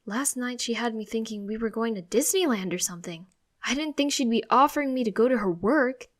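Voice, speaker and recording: A woman narrating a first-person audiobook in an expressive, conversational way. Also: fairly high pitch, a little fast.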